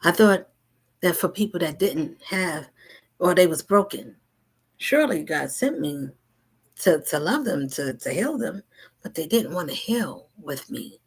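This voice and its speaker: Woman, low gravelly voice, spiritual host, rhythmic and repetitive, whispers and loud asides. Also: lively intonation, a little slow. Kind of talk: spoken spiritual message.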